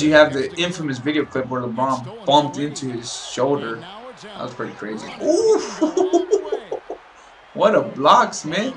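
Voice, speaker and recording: A man's voice: medium pitch, fairly bright tone, poor audio. A young man casually rambling about basketball while commenting on his own gameplay, often mimicking players and coaches.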